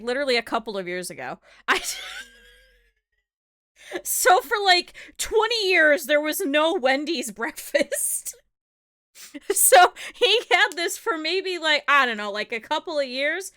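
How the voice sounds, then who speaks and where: A woman's voice: high voice, sharp tone, dry recording, clean studio sound. A young adult woman streaming a casual reaction chat, rambling and often breaking into giggles. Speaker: VTuber streamer.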